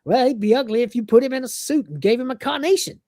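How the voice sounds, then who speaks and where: A woman's voice: a little high, quick pace, darkish tone, no echo, clean studio sound, pitched above the performer's own voice, lightly acted. A woman voicing a vain, thoughtless male humanoid cat who brags in a brash, raised voice. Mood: boastful.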